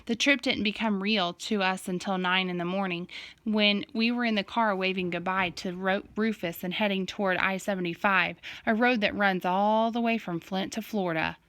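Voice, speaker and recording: A woman reading a first-person novel aloud in plain, steady storytelling. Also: mid-range voice, no room sound. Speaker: audiobook reader.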